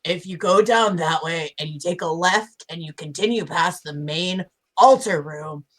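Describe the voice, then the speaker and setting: A woman playing a tabletop game, playful and flattering in character. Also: fairly low pitch, a little slow. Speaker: player. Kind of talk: tabletop game chat and role-play.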